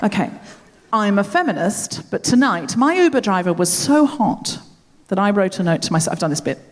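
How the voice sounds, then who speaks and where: Woman comedy host, live onstage, expressive and bouncy, long hall reverb. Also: medium pitch, normal speed. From Australia. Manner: animated, self-deprecating, laughing often. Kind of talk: live stand-up style chat. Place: large theatre stage. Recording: reverberant theatre, faint audience noise. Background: audience laughter.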